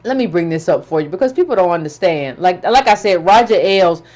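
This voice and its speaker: A woman's voice: on the low side, lively intonation, brisk, darkish tone. A woman giving impassioned political commentary, emphatic and scolding, with colloquial phrasing and repetition.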